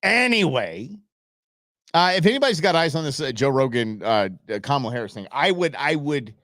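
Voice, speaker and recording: A man's voice: medium pitch, sing-song, a little fast, fairly bright tone, no echo, clean studio sound. A man hosting a live political commentary show, talking casually and sarcastically and slipping into mocking impressions. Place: small home studio. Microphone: studio microphone.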